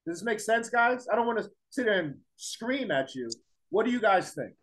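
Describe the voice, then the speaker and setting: Emphatic male teacher with a high voice, lecturing and pressing the class with questions. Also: sing-song, normal speed, fairly bright tone, rough recording. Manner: emphatic, repeats points, fires rhetorical questions at the class.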